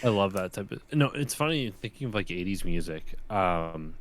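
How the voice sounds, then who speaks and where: A man's voice: sits low, animated, normal speed. A man co-hosting a live-streamed talk show, chatting casually and rambling with many restarts. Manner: rambling, restarts often, goofy impressions. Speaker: podcast co-host. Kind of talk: casual chat.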